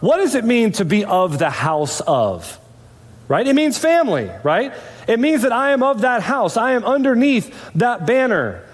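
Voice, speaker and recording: A man preaches to his congregation in a notably high voice, talking to them directly and asking them questions. His words ring out with a long reverb from the church sanctuary. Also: sing-song, moderate pace. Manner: conversational preaching with rhetorical questions. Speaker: pastor. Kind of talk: sermon.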